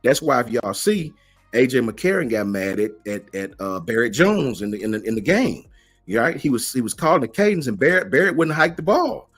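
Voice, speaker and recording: A man's voice: mid-range voice, big pitch swings, normal speed, a bit bright, breathy edge, soft background music. A man hosts a livestream and answers the chat, emphatic and slangy, firing off rhetorical questions. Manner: slangy, keeps asking "right?". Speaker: host of a college football fan channel.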